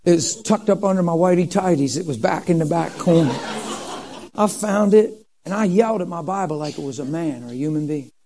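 A man in his fifties telling his life story in a sermon, animated and acting out what people said. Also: on the high side, brisk, poor audio. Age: 50s. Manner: animated storytelling, acts out quoted dialogue. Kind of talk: sermon testimony.

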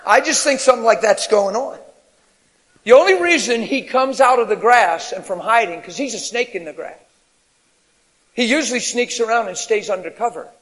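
A man preaching a sermon in an animated way, rising to shouts at his peaks. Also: sits high, moderate pace. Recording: long reverb of a large hall.

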